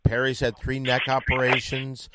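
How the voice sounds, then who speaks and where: A man's voice: medium pitch, completely flat delivery, moderate pace, noisy background. A man hosting a comedy podcast, talking in a loose, rambling, jokey way. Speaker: podcast host. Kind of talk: casual comedy podcast banter.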